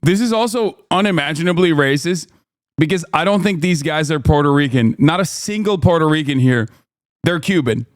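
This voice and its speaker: A man's voice: on the high side, lively intonation, normal speed, no room sound, studio quality. A man casually commenting on clips as a streamer, sardonic and rambling, with restarts.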